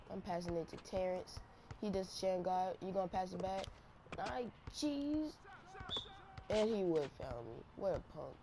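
A woman giving excitable, slangy, trash-talking commentary over her own basketball gameplay on a headset mic. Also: medium pitch. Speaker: gaming channel host. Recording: noisy game audio behind.

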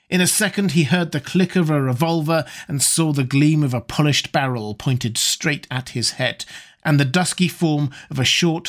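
Male narrator for a classic novel, measured and dramatic, a touch high in pitch. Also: a bit bright. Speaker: audiobook narrator. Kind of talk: scripted audiobook narration.

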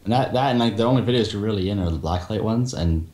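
A man's voice: lowish voice, quick pace, a little mellow. A man hosting a casual gaming chat, making offhand, dry remarks while he plays. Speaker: channel host playing a block-building game. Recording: echoey room.

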